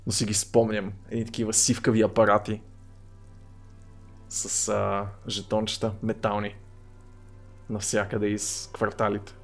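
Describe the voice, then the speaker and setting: A man's voice: on the low side, completely flat delivery, moderate pace, pauses often, soft background music. A man streaming a game, reading its text aloud and chatting. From Bulgaria. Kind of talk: live-stream game narration and chat.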